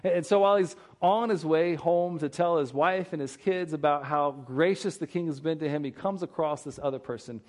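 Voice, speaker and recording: A male pastor with a slightly high voice preaching earnestly. He talks in an easy, conversational way and often repeats words as he works through a thought. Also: fairly quick, few pauses, darkish tone. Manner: conversational, retells scripture with acted-out dialogue. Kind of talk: sermon.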